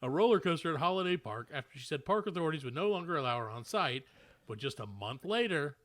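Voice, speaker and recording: Male podcast host, lively pitch, bright tone, rambling comic storyteller. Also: fast. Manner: rambling, laughing, joking. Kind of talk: casual comedy chat and news reading.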